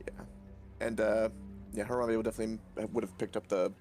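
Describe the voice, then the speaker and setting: A man's voice: on the low side, level tone, fairly quick, mellow. A man playing a tabletop game, talking in an easygoing, hesitant way. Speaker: player. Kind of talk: casual chat at a tabletop game.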